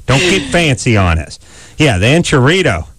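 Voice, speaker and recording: A man's voice: mid-range voice, very animated, moderate pace, a bit bright, breathy edge, dry recording. A man co-hosting a call-in radio show, riffing in long joking rambles. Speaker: radio co-host. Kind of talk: comic call-in radio banter.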